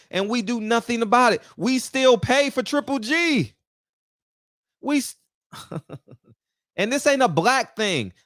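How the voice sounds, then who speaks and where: Man, high-pitched, animated preachy rant, dry close mic. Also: no room sound. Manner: animated, preachy, talks straight to the viewers. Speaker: boxing commentator. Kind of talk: casual opinion rant.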